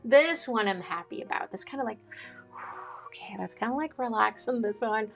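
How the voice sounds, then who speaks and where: A woman, chatting casually as a vlogger, excitable and quick to laugh. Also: a little high, creaky, faint music behind. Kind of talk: casual chat.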